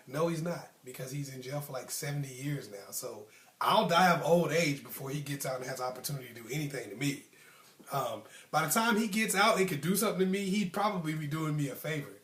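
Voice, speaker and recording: A man's voice: a little high, animated, fairly quick, a bit bright, recorded from a distance. A man casually telling a personal story as a channel host, conversational, with frequent ums and likes. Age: adult, past his youth. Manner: conversational, many ums and likes, acts out friends' tough talk. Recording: echoey room.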